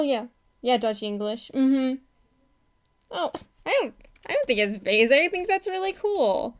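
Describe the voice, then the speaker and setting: A woman's voice: high voice, animated, measured pace, long pauses. Giggly, rambling woman streamer. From not from Texas. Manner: rambling, giggly, laughs often, many restarts. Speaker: animator streaming her work. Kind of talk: casual live-stream chat while working.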